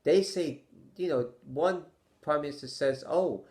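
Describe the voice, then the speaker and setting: A man vlogging his opinions to camera in a halting, stammering way, sighing with exasperation and firing off rhetorical questions. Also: fairly high pitch, darkish tone.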